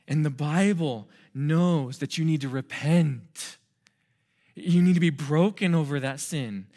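Young male youth pastor, higher voice, urgent and conversational with playful asides. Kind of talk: sermon.

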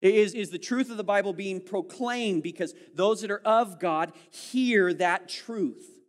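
A man preaching a sermon as pastor, animated, acting out the voices of his listeners and swinging between loud, pressing moments and hushed, slow ones. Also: high-pitched, in a large hall.

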